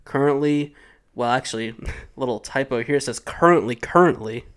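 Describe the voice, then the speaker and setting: A man's voice: medium pitch, normal speed, a bit bright, smooth. A man with an ordinary mid-range voice co-hosts a casual podcast. He reads notes aloud in a loose, offhand way. He teases and jokes with his co-host as they go. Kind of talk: casual chat.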